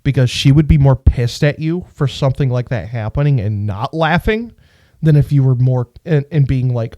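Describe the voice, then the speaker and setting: In a casual podcast chat, a male co-host tells stories animatedly and swears freely. His mid-range voice moves at normal speed, and the sound is clean studio audio with no echo.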